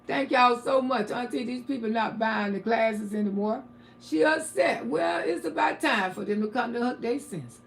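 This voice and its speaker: An older woman, hosting a casual livestream and chatting with viewers, blunt and preachy, often rising into loud shouting. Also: fairly high pitch, moderate pace, vocal fry, slight background noise. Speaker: livestream host. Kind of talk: casual livestream commentary, reading chat.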